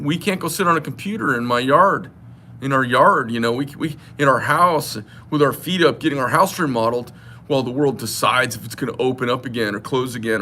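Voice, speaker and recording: Man, higher pitch and bright edge, ranting and retelling a phone call, fired up. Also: slight background noise. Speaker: knife shop owner. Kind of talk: political rant to camera.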